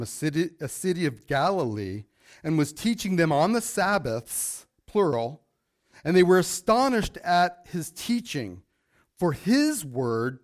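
Higher-voiced pastor quizzing his congregation. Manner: animated, quizzes the congregation with questions. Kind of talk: sermon with Bible teaching.

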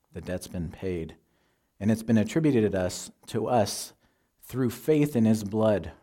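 Middle-aged male pastor, mellow and low-pitched; measured, earnest sermon delivery. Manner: earnest, measured teaching with scripture quotes. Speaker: preacher.

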